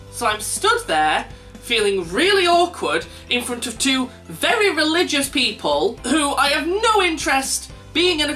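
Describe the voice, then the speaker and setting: A young man telling a self-mocking anecdote for his vlog, animated and laughing at his own jokes. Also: very high voice. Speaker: vlogger. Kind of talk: casual anecdote storytelling. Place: indoors at home. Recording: distant mic with faint background music.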